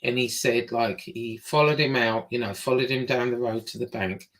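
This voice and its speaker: English woman, casual storyteller; blunt, swears, acts out the dialogue with lively pitch jumps. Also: normal speed. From England.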